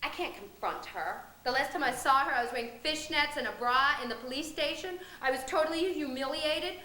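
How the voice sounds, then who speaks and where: A woman's voice: sits high, fairly quick, pushed and bright, reverberant, slight background noise. A woman playing a nervous, embarrassed schoolteacher in a stage comedy. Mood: flustered. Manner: nervous, flustered. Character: anxious, embarrassed female schoolteacher.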